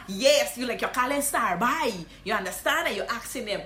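A woman from Guyana with a Guyanese Creole accent teaching local greetings in a casual vlog, animated and repeating phrases with loud emphasis. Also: on the high side, moderate pace, few pauses, reverberant. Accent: Guyanese Creole English.

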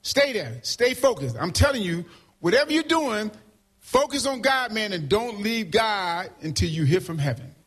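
A man preaching a sermon, leading call and response and asking "right?" after nearly every point, swinging between loud and soft. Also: high voice, very animated, moderate pace, slightly rough. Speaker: pastor.

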